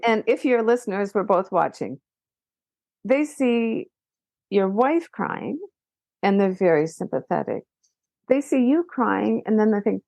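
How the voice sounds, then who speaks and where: Animated woman guest, dry close sound. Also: mid-range voice, measured pace, gravelly, no echo. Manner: animated, many restarts, rising emphasis. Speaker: podcast guest. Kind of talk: casual conversation.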